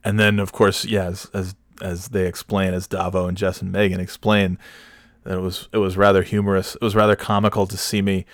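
A man casually telling a personal story, animated, swearing freely and acting out the people in it. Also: low voice, brisk, no room sound, studio quality. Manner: animated, swears freely, acts out voices, laughs mid-story. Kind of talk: casual anecdote.

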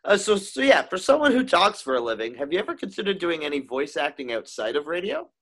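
Lively-voiced man hosting an interview. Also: on the high side, quick pace. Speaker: interview host. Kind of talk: casual interview questions.

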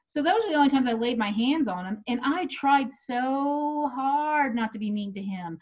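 With a high voice at normal speed, a middle-aged woman shares a personal tale casually, cursing freely. She animates it by acting out people's words. Sound quality is muffled and lo-fi.

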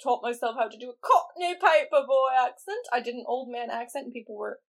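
Brief: young woman podcast co-host, high voice, animated and excitable, quick to laugh. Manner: animated, exclamatory, laughs often. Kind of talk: casual chat.

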